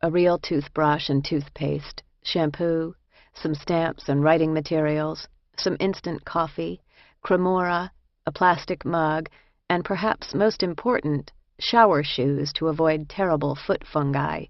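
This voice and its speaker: A woman reading a first-person memoir aloud in a measured, reflective way. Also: low voice, steady tone, no echo. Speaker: audiobook narrator. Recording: dull lo-fi dry recording.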